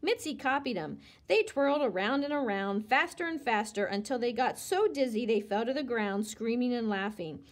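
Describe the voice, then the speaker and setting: Expressive woman reading a storybook aloud. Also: on the high side, moderate pace, hardly any pauses. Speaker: reader.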